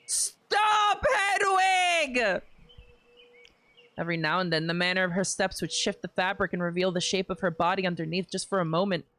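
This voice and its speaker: A young adult woman streaming a game, reading the narration steadily between loud, laughing, swearing reactions. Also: on the low side, flat delivery, fast talker, hardly any pauses.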